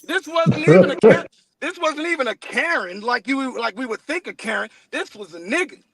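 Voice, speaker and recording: A man in casual spiritual discussion, talking in a profane, animated way and acting out what other people say. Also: extremely high pitch, brisk, creaky, breathy edge, no echo. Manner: profane, animated storytelling with acted-out quotes. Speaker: co-host.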